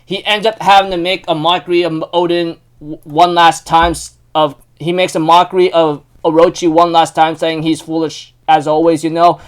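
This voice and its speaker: A young man hosting a casual anime recap, excitable and full of fillers like "dude" and "you know". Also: a little high, moderate pace, hardly any pauses, clear, resonant tone.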